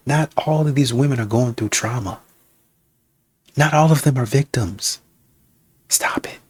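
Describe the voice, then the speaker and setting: Man, gravelly voice, husky, blunt scolding commentary. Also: mid-range voice, no room sound. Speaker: reaction video host. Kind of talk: casual commentary.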